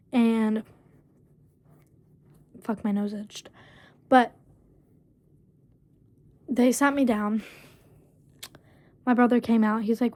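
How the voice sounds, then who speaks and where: A woman's voice: fairly high pitch, a little mellow, no echo. A woman casually telling a personal story, leaning heavily on fillers like "basically" and "um". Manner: halting, full of fillers like "basically" and "um". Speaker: storyteller vlogger.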